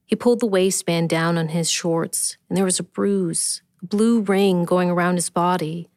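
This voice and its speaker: Woman author narrating her tale; steady, measured; lowish voice, dry close sound. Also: dry recording. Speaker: author reading her own story. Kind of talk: scripted narration.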